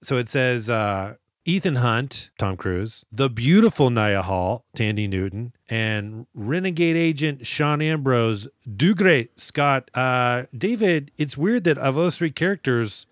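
A man chatting on a comedy podcast, cracking self-mocking jokes and swearing casually. His voice sits at an ordinary pitch. The sound is dry and close to the mic. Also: animated, takes it slowly, few pauses, dry recording. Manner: jokey, self-deprecating, swears freely. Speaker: podcast co-host.

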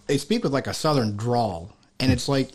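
Joking, halting man. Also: medium pitch, lively intonation. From Michigan, USA. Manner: rambling, joking, halting with many fillers. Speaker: podcast guest. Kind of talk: casual chat.

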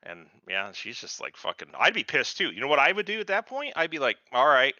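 Bright, profane man in casual chat. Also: fairly high pitch, big pitch swings, brisk, no room sound, dull audio. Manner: profane, rambling, acts out quoted voices. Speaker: podcast host.

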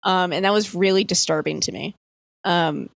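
A woman's voice: fairly low pitch, moderate pace, vocal fry, dry recording. A young woman from the US East Coast casually telling friends a story, chatty, full of "like," swearing and laughing as she goes. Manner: chatty, lots of "like", swears, laughs mid-sentence.

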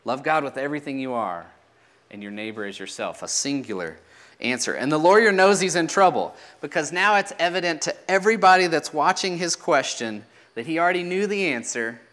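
A man's voice: on the high side, animated, a little fast, a bit bright. A man preaching a sermon in a teaching manner, asking rhetorical questions and letting his voice drop at the ends of phrases.

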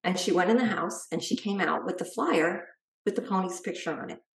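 A middle-aged woman, a guest author, telling a personal story in a lively way and acting out what others said. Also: fairly low pitch, fairly quick, vocal fry. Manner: lively storyteller who acts out quoted speech. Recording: echoey room.

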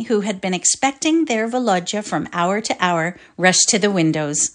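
A woman's voice: medium pitch, normal speed, hardly any pauses. A woman reading a classic short story aloud as narrator in a readers' theatre performance, telling it expressively. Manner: expressive storytelling, lively voicing of quotes.

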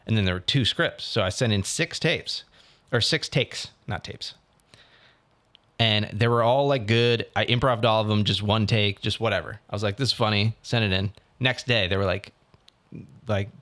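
A man's voice: lowish voice, normal speed, a bit bright. A young man in casual chat, animatedly telling an audition story and quoting others. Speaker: actor telling about auditions.

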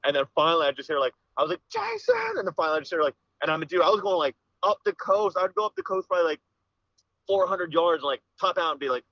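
A young Pennsylvania man with a higher-leaning voice talks quickly, with no echo, as a podcast guest. He tells a hunting story in a rambling, casual way, packed with "dude" and "like." The podcast audio is slightly dull and lo-fi.

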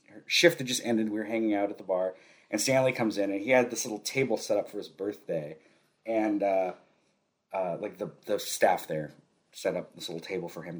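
A man co-hosting a podcast, telling a long, rambling story in casual chat, often laughing and restarting his sentences. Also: fairly low pitch. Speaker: podcast co-host.

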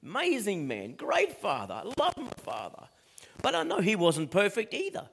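A man's voice: high voice, huge pitch swings, normal speed, creaky, a bit bright, husky. A middle-aged man preaching a sermon, asking his congregation rhetorical questions as he goes. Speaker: pastor.

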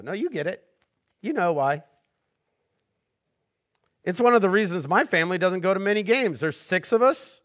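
A middle-aged man preaching a conversational sermon as pastor, joking and swinging between hushed earnest points and animated asides. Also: sits high, moderate pace, pauses often.

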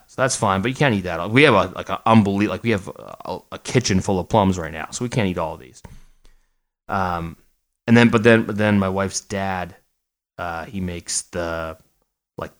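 A man's voice: low voice, moderate pace. A middle-aged man co-hosting a podcast, chatting casually with jokes and a lot of restarts. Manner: rambling, joking, many restarts. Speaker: podcast co-host. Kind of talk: casual chat.

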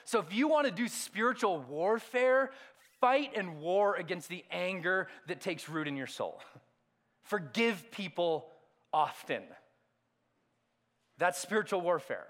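A man with a notably high voice delivers a sermon as a pastor. He moves between quiet, intimate passages and loud, emphatic bursts, often putting rhetorical questions to his listeners. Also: lively intonation, measured pace. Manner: dynamic preaching, swings from hushed to loud.

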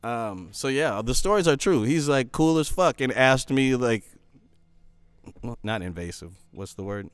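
Smooth-voiced man telling lively stories. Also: mid-range voice, measured pace, no room sound, studio quality. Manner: animated storyteller, laughs often, acts out quotes. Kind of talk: casual chat.

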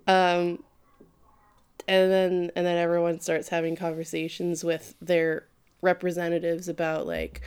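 A woman's voice: fairly low pitch, unhurried, clean tone. A woman co-hosting a casual podcast, recapping an anime and acting out the characters' lines. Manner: animated, acts out quoted lines. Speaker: podcast co-host.

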